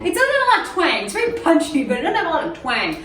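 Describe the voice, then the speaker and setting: High, lively woman joking in a shop. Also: rapid-fire, far from the mic. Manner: joking, self-deprecating. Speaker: music shop host. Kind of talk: casual product demo. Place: music shop. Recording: roomy shop, voice away from mic. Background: guitar playing.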